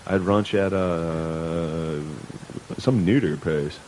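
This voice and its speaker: Male co-host, low and dry delivery, crude banter, faint hiss on the line. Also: takes it slowly, a little mellow. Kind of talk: casual chat.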